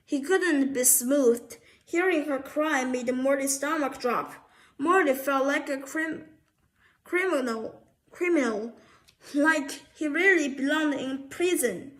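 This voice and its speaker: A woman's voice: sits high, takes it slowly, a bit bright. A woman reading a children's storybook aloud, often stumbling and restarting words.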